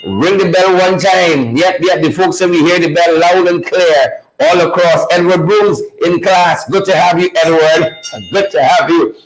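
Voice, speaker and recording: A man's voice: sits high, measured pace, few pauses, echoey room, rough recording. A man with a Guyanese accent hosting a live stream, greeting viewers by name in a playful way and laughing often. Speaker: livestream host.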